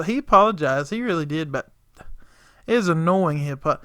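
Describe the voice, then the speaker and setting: A man with a drawl tells his viewers a story in a casual, folksy way. His voice sits high and sounds bright and crisp, recorded close and dry with no room echo. He acts out both sides of every exchange with gusto. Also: lively intonation, fairly quick. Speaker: lawn care business owner, channel host.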